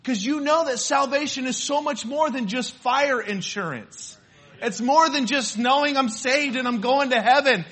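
A male preacher delivers a sermon in a chatty, storytelling way. His voice sits high and bright with a husky grain. He keeps turning to the congregation with questions. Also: normal speed. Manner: conversational, asks the congregation questions. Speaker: pastor.

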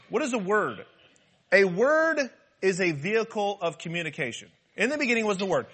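Pastor, man with a high voice, lively and joking from the pulpit. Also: normal speed, breathy edge. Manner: animated, humorous preaching with rhetorical repetition. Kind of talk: sermon.

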